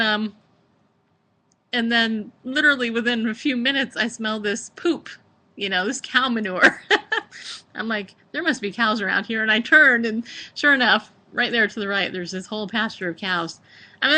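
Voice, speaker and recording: Bright-voiced chatty woman host. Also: medium pitch. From California. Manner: rambling, chatty, frequent laughs and fillers. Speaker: podcast host. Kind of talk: casual travel chat.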